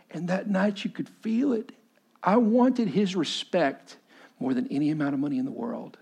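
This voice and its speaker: Texan guy preaching, gravelly voice a bit on the high side, tells stories, gets loud then goes quiet. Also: lively intonation, moderate pace. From West Texas. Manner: storytelling, swings from loud to hushed. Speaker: pastor. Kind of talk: sermon.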